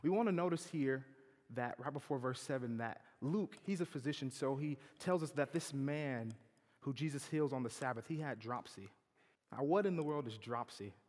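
A man preaching a sermon in a campus chapel, swinging from loud emphatic quotes to soft asides. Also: medium pitch, normal speed. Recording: long hall reverb.

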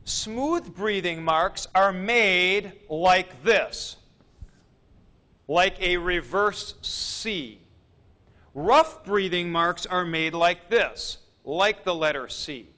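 A man teaching a Greek grammar lecture at a board, deliberate and methodical, with dry joking asides. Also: sits high, sharp tone. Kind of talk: classroom lecture.

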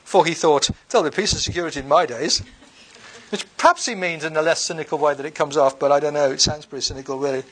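A man's voice: a little high, quick pace, fairly bright tone, husky. A man giving an unscripted lecture on scripture, reading verses aloud and then explaining them in a conversational way, with frequent ums, uhs and restarts. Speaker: bible lecturer.

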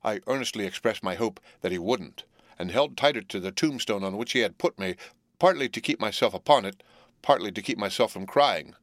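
A man narrating a classic novel as an audiobook, with a measured, deliberate reading. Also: on the low side, no echo, clean studio sound.

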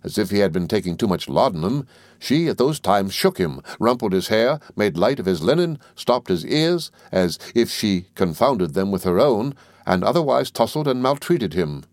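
A man narrating a classic novel as an audiobook reader in a measured, even delivery. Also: fairly low pitch, dry recording.

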